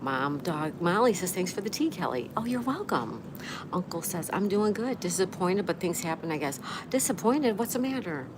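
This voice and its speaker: With a voice on the low side, lively intonation and a moderate pace, a woman livestream host reads viewer comments aloud in a casual stream. She says each commenter's name and responds with gushing exclamations while noisy ambience plays behind her.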